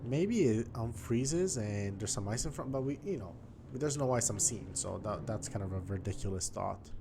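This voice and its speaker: A man's voice: on the low side, expressive, normal speed, creaky, noisy background. A man giving casual gameplay commentary, chatty and thinking aloud as he explores, with faint game music behind him. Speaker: gaming YouTuber.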